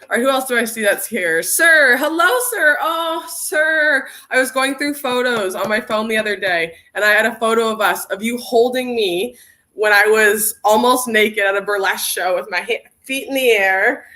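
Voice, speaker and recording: Young woman host, bright energetic voice, casually greets viewers and reads comments on a stream. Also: mid-range voice, normal speed. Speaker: workshop host. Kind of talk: casual livestream chat.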